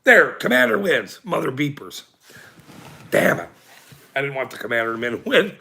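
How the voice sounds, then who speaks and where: Gravelly, bright-toned man streaming to his viewers: profane, rambling, laughs a lot, swings from a slow drawl to shouting. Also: medium pitch, very animated. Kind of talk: angry ranting then casual chat.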